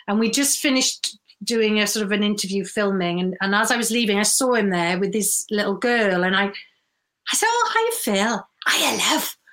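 A woman, telling stories in a casual chat, laughing often. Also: mid-range voice. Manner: warm storytelling, laughs often, mimics voices. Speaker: guest.

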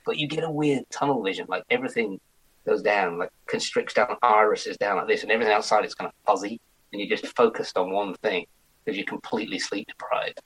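A man in his forties, an actor chatting as an interview guest in an animated way. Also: lowish voice, brisk, breathy edge, low-quality recording. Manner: chatty, animated, slips into mock accents. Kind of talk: casual interview chat.

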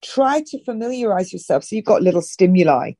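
A woman's voice: mid-range voice, lively intonation, warm tone, dry recording, clean studio sound. A middle-aged woman from northern England, a health and wellness guest, giving direct, emphatic advice in a casual interview. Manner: direct and emphatic, with brisk instructions.

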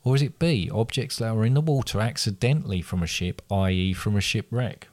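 Low-voiced man hosting a quiz. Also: animated, brisk, a little mellow. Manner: teasing, reads questions aloud with restarts. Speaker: quiz host. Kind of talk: casual quiz chat.

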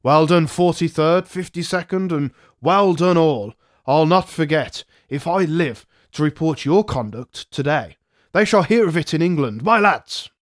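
A man's voice: a little high, a little slow, no room sound, clean studio sound, close to an everyday voice. A man voicing a cool-headed general who calls out praise to his troops in a raised voice. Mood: rousing.

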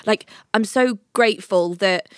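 A woman talks through tears over a video call, comforting her best friend. She swears freely and speaks at a middling pitch. The sound is dry and close. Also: measured pace, no room sound. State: crying. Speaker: podcast co-host. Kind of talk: emotional casual chat.

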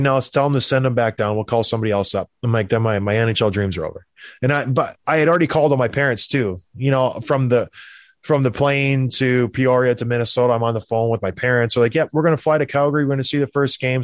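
A middle-aged man from Canada, a former hockey player, telling a rambling, animated anecdote in a casual way, quoting the people in it. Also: mid-range voice, no room sound. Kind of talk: casual storytelling.

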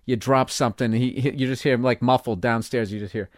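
A man, a comedian guest, telling stories in casual chat with lots of swearing and animated energy. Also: mid-range voice, fast, dry recording, studio quality. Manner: profane, animated storytelling.

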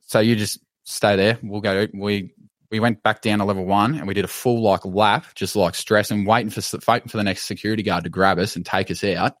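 A man with an Australian accent telling a story on a podcast in a casual, animated way, swearing and laughing as he goes. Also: fairly low pitch, a little fast, no room sound. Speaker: podcast co-host.

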